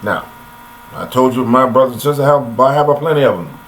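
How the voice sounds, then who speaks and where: A man's voice: medium pitch, a little fast, fairly bright tone, a little hiss or hum, poor audio. An older man delivering a rambling, folksy philosophical monologue to listeners, recorded on a laptop webcam. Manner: folksy and preachy, addresses listeners directly. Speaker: vlogger.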